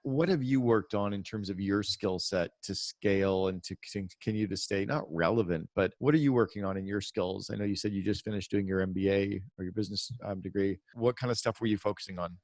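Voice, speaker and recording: Man, middle-aged, podcast host, very low voice, dry close sound, direct questions, coaching anecdotes. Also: a little fast, few pauses, a little mellow, no echo. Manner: direct, anecdotal, asks long framing questions. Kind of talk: interview conversation.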